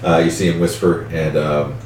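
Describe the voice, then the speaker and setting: A man narrating a tabletop game as game master, calm and matter-of-fact. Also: very deep voice, normal speed, echoey room, recorded from a distance, a little hiss or hum.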